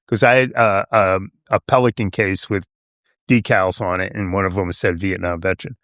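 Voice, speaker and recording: A man's voice: fairly low pitch, normal speed, fairly bright tone, no echo, clean studio sound. Older American man telling rambling stories. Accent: New York. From United States. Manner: rambling, many fillers and restarts; acts out quoted voices. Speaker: guest, Vietnam veteran. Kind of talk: casual storytelling.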